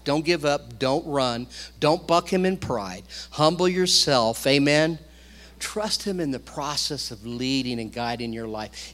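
A middle-aged male pastor preaching a sermon, animated, swinging between loud bursts and quiet asides. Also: on the high side. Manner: animated preaching, rising and dropping loudness.

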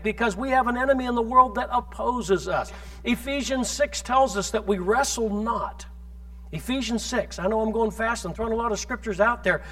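Male pastor, high-pitched, emphatic sermon delivery, rattles off scripture, quizzes the congregation. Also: fairly bright tone. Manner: emphatic preaching, rhetorical questions to the congregation, quick scripture quotes.

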